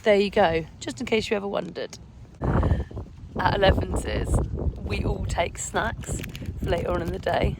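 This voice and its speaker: Speaking at a measured pace with frequent pauses, this woman has a steady, mid-range voice and a West Country accent with a Somerset tinge, though she's from Hampshire, England. She casually explains her day on the beating line for an outdoor vlog in countryside fields and hedges, laughing often, all captured on a noisy phone.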